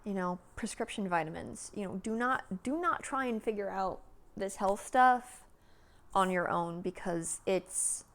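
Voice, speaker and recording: A woman in her early thirties talking casually and at length in a vlog, meandering with lots of "like"s and sighs, sometimes sinking to a soft near-whisper. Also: mid-range voice, a little slow. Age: 30s. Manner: chatty, meandering, many "like"s and sighs. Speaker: vlogger.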